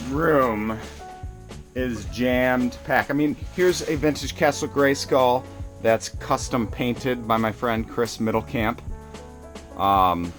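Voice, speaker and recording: A man hosting a casual toy unboxing vlog, excited and rambling, restarting his sentences. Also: medium pitch, takes it slowly, faint music behind. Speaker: toy collector vlogger.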